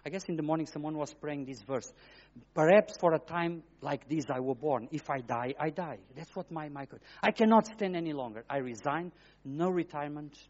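A middle-aged man giving an emotional testimony sermon as a guest preacher, in simple, broken phrasing, swinging between hushed and loud. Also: on the high side, a little fast. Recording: dull lo-fi recording.

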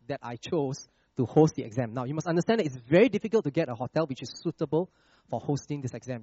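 A man preaching a sermon with a personal testimony, checking in with the congregation with "all right?" and "okay?" and dropping to a hush on scripture lines. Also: a little high, dry recording, muffled recording. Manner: slows and drops to a hush on scripture phrases.

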